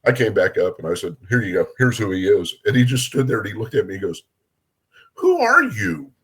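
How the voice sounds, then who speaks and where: Low husky-voiced man telling stories. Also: fast. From Minnesota. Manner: animated, acts out voices in his anecdotes. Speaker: guest police officer. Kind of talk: casual storytelling.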